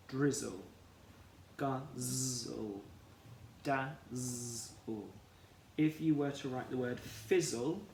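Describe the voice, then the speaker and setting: A man teaching a phonics lesson for children, sounding out each letter slowly and carefully. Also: medium pitch, darkish tone. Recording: echoey room, faint background noise.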